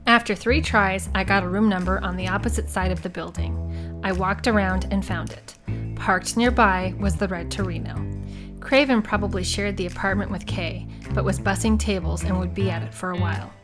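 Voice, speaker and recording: A woman reading a first-person crime story aloud in measured, even scripted narration. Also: medium pitch, over music. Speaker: audiobook narrator.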